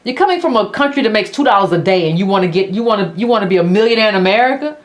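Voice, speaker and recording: A woman's voice: medium pitch, expressive, very fast. A woman hosting a political commentary monologue who speaks bluntly and sarcastically. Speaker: host of a political commentary channel.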